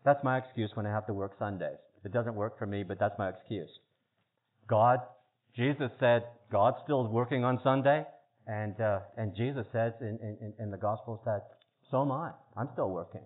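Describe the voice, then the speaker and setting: A man giving an informal teaching talk, chatty and halting, often repeating words as he searches for phrasing. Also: fairly low pitch. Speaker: preacher. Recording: tinny phone-like sound.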